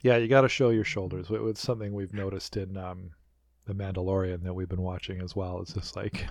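A man co-hosting a podcast, chatting in a rambling, animated way as he recaps a show. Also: sits low, a little fast, dry recording, studio quality. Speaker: podcast co-host. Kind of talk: casual recap chat.

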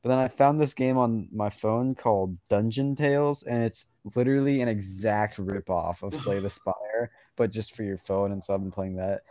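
Young guy podcast host, kinda low mellow voice, rambly, says like a lot, dry close sound. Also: moderate pace, hardly any pauses, no echo. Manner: rambling, laughs often, lots of "like". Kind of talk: casual chat.

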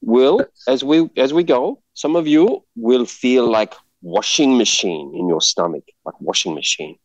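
A man's voice: medium pitch, animated, unhurried, no echo, pitched above the performer's own voice, rough recording. A man voicing a dive boat crewman giving a safety briefing in an Indian accent, with sing-song, dramatic warnings.

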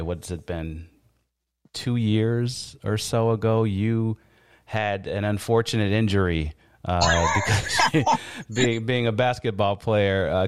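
A middle-aged man hosting an interview over a video call from his basement, speaking in measured phrases with many fillers. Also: on the low side. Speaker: host. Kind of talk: casual interview chat. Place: home basement office.

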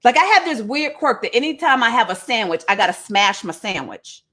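A woman's voice: a little high, lively intonation, a little fast, bright, forceful tone. A woman retelling a Bible story comically, with playful slangy asides and frequent laughs.

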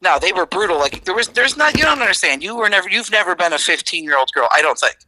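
A woman's voice: on the low side, big pitch swings, fast, bright, forceful tone, poor audio. A middle-aged woman talking as a podcast guest, blunt and sarcastic, swearing freely in casual chat.

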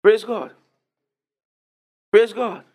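A man's voice: high voice, steady tone, extremely slow, darkish tone. A man preaching a sermon, repeating questions to the congregation and answering them emphatically. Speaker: pastor.

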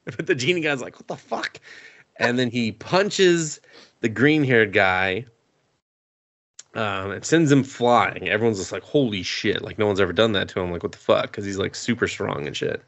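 A man with a somewhat low voice, chatting on a podcast. He rambles through a story, laughs often and slips into quick voices for the characters, swearing freely. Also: fairly bright tone. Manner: rambling, laughing, acting out characters' lines with profanity. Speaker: podcast co-host. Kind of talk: casual chat, recapping an anime.

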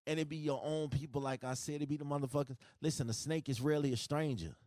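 A man's voice: on the high side, fairly even intonation, quick pace, darkish tone, no echo, clean studio sound. A man hosting a solo podcast, ranting in a profane, emphatic, repetitive way with speech. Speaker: podcast host.

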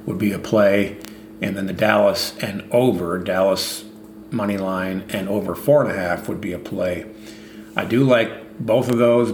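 A man hosting a sports betting podcast, running through his picks in a relaxed, thinking-aloud way. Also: on the low side. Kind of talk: casual solo podcast picks. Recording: roomy with faint ambient noise.

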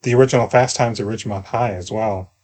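A man's voice: on the low side, fast talker, a little mellow. A man co-hosting a podcast, chatting casually and wryly about a movie, often restarting his sentences. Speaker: podcast co-host. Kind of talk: casual movie review chat.

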